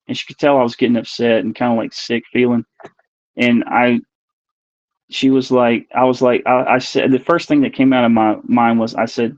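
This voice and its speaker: A man's voice: mid-range voice, a little mellow, no room sound. A man being interviewed as a guest, earnestly telling a personal encounter story and repeating and reworking his phrases as he searches for words. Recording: dull, dry recording.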